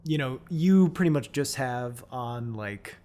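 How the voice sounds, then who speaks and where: Relaxed man running a tabletop game. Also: mid-range voice, measured pace. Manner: relaxed, laughs often while describing scenes. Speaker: game master.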